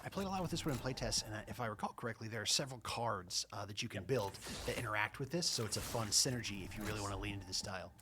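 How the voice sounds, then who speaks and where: Quick low-voiced man with dry asides. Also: noisy background. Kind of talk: casual explanation of game mechanics.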